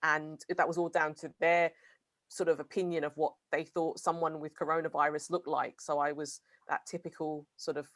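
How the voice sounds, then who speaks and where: Low-voiced British woman, hesitant. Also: little pitch movement, normal speed, no echo. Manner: hesitant, full of "sort of" and "kind of". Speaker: co-host. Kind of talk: casual discussion.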